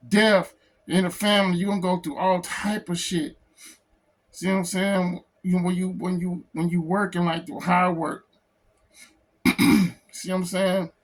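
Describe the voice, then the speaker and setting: Tearful man grieving, halting speech. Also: high-pitched, a bit bright. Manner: halting, repeats phrases, says "man" a lot. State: tearful, close to crying. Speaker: comic book artist. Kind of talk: emotional personal vlog.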